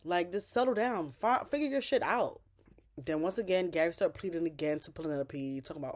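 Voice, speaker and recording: A woman with a fairly low voice recaps a TV episode in casual chat. She talks in an animated way, full of slang and swearing, and she is close to the mic. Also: brisk. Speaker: TV show recapper.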